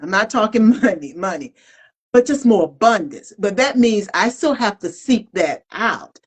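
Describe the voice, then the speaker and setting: In candid, casual podcast talk, a middle-aged woman co-host speaks animatedly and colloquially, openly reflecting on herself. Her voice is mid-range and slightly rough at normal speed, and the recording is rough.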